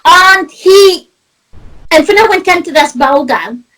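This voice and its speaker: A woman's voice: very high voice, animated, slow pace, fairly bright tone, low-quality recording. A middle-aged woman from north-east Scotland with a Doric accent, a psychic medium telling stories in a chatty way, laughing often and swearing. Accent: north-east Scottish (Doric). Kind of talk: casual chat.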